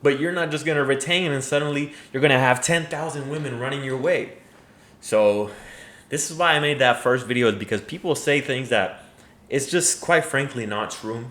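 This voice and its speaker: A man's voice: medium pitch, moderate pace, fairly bright tone. A man giving crude, mocking reaction commentary, emphatic and profane. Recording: echoey room.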